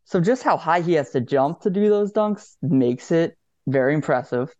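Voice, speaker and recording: Mellow-voiced man, dull lo-fi sound. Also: on the high side, lively intonation, moderate pace, no room sound. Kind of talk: casual sports chat.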